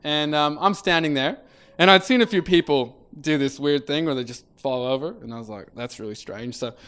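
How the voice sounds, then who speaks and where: A man's voice: on the high side, fairly quick, fairly bright tone, clear, resonant tone. A man giving a personal testimony in a conversational way, with many fillers and quoted lines acted out. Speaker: speaker sharing his faith story.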